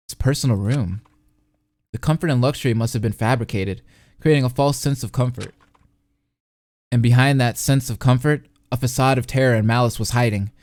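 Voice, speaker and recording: A man's voice: medium pitch, darkish tone, no echo, studio quality. A young man streaming a live reaction, reading a visual novel aloud and chatting playfully with his chat. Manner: playful, chats with his live chat between read passages. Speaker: streamer and commentator.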